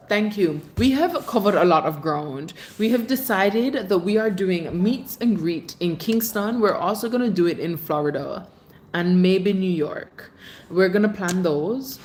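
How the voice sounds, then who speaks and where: A woman's voice: lowish voice, a little mellow, slight background noise. A woman hosting a casual livestream, chatting affectionately with her viewers as she reads their comments. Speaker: livestream host. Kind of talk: casual live chat reading comments.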